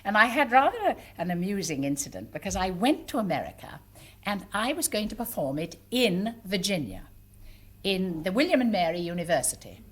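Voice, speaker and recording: A woman's voice: mid-range voice, sing-song, moderate pace, fairly bright tone, breathy edge. An older woman entertainer telling anecdotes to a theatre audience, chatty and amused, with small hesitations. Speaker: stage entertainer and monologue writer. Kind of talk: anecdotal stage talk. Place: live theatre before an audience.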